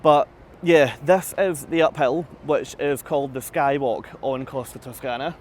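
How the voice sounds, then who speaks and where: A man's voice: mid-range voice, fairly even intonation, measured pace, a little hiss or hum. A man vlogging live from the deck of a cruise ship. He answers viewer comments in a chatty, self-deprecating way, laughs often, and is slightly out of breath. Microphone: phone camera held at arm's length.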